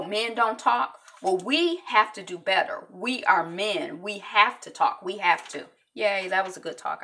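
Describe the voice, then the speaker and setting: Woman reviewer, casual TV recap, gravelly bright voice, acts out character lines. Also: on the low side, slight background noise. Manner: retells scenes acting out each character's lines.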